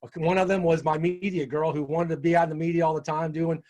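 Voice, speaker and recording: A middle-aged man telling a personal story in casual conversation as an interview guest, animated and peppering his talk with "right?". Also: a little high, fast. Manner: animated storyteller, frequent "right?" tag questions.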